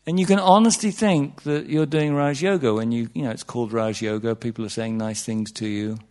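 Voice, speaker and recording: A man's voice: mid-range voice, fairly quick, a little mellow. A man giving an informal, humorous talk on meditation to an audience, full of asides and "you know"s, his voice jumping up for emphasis. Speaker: meditation teacher.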